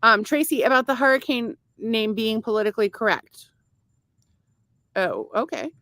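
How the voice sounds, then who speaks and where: A woman's voice: fairly high pitch, lively intonation, moderate pace, sharp tone, no room sound. A woman co-hosting a casual podcast, laughing often and swearing freely while she reads out viewer comments. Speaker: podcast co-host.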